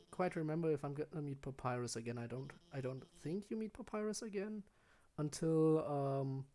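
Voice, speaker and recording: A man's voice: medium pitch, dark tone. A man streaming a video game, chatting casually about what he is doing and joking about his own attempts at character voices. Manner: chatty and self-deprecating. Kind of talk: casual gameplay commentary.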